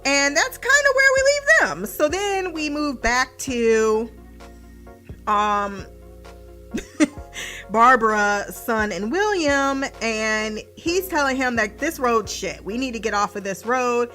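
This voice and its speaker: A young woman with a bright, high voice chats through a TV episode recap for her podcast, her pitch swooping widely as she laughs, swears and acts out the characters. Faint music plays softly behind her. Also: slow pace. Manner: animated, laughs often, swears, mimics characters. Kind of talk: casual chat.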